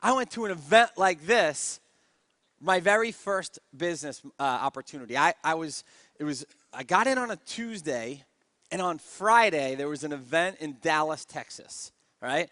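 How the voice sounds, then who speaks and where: A man, a network marketing speaker, telling his story in a lively motivational talk and often asking the audience questions. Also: a little high, moderate pace, no room sound, studio quality. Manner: energetic storyteller who keeps asking the crowd.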